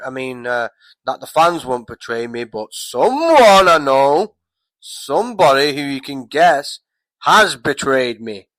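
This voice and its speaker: A man's voice: medium pitch, a bit bright, no room sound. A man giving a casual, rambling recap of a wrestling show, swearing heavily and getting heated. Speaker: wrestling commentator vlogger.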